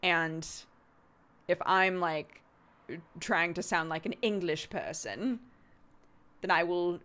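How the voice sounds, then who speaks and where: A woman's voice: on the low side, a little slow, fairly bright tone. A young woman from Oregon with a General American accent, chatting casually with viewers as a streamer and checking in with "right?" as she explains. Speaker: streamer host.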